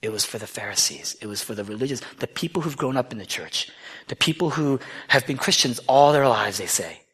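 A man's voice: mid-range voice, lively intonation, fairly quick, a bit bright, husky. A man preaching a sermon, retelling a parable with dramatic storytelling and acting out the characters' lines. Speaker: pastor.

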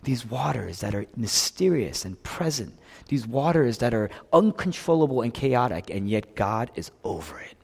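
A male pastor preaching with a lively, animated pitch, rising to loud emphasis and then dropping to near-hushed lines. His voice carries a long reverb, as if recorded in a big church sanctuary. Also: moderate pace, vocal fry, breathy edge. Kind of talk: sermon.

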